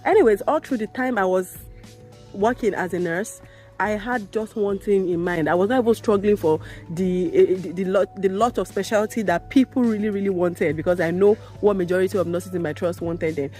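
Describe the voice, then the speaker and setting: A young woman speaks candidly to camera about her work as a midwife. Her voice sits at a middle pitch and she presses her points by repeating them. Faint music plays behind her. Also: a little fast, dark tone. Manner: emphatic, repeats phrases, rises in pitch when indignant. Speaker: midwife vlogger. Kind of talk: candid talking-to-camera vlog.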